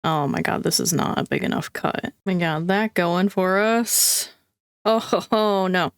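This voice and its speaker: A woman's voice: fairly low pitch, measured pace, clear, resonant tone, no room sound. A woman chatting casually through a crafting vlog, talking to viewers with dramatic, squeamish groans and frequent laughs. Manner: chatty, self-deprecating, laughs often. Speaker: craft vlogger.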